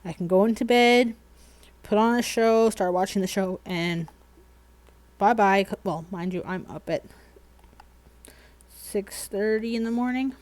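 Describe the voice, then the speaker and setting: A woman in her thirties chatting casually on a livestream while doing nails, rambling through animated everyday stories. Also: mid-range voice, measured pace, long pauses, poor audio. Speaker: streamer.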